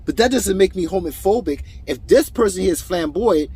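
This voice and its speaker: High-pitched, animated, profane man. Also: normal speed, breathy edge. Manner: blunt, profane and rambling, acting out quoted voices. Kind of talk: casual opinion monologue.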